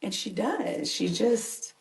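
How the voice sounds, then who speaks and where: A woman's voice: medium pitch, sing-song, slow pace, vocal fry. A woman, a mother and caregiver, telling personal stories earnestly and animatedly as a podcast guest. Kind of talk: conversational personal storytelling. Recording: echoey room.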